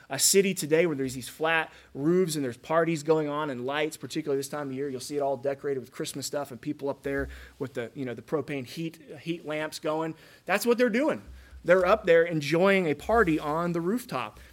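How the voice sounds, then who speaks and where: A pastor preaching a conversational sermon, checking in with listeners through frequent asides. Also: male voice, a little high.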